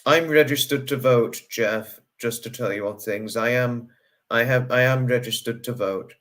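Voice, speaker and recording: A man, hosting a casual livestream and reading out viewer comments in a chatty way, greeting each viewer with sudden high bursts. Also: normal speed, a bit bright. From United Kingdom. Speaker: livestream host.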